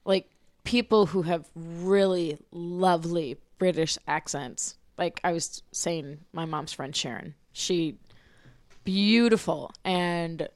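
A woman's voice: on the low side, slow, darkish tone, no room sound. A woman chatting casually on a podcast, bubbly and gushing, laughing often.

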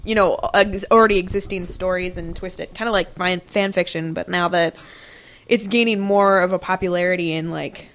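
A woman's voice: lowish voice, fairly even intonation, moderate pace. A woman co-hosting a podcast, talking casually and rambling through her thoughts with many "like"s. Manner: rambling, many fillers and restarts. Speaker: podcast co-host.

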